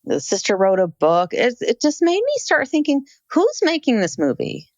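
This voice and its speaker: Lively woman podcast co-host. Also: fairly high pitch, normal speed, no echo, dull audio. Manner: animated, reflective, with many restarts. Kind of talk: casual chat about a documentary.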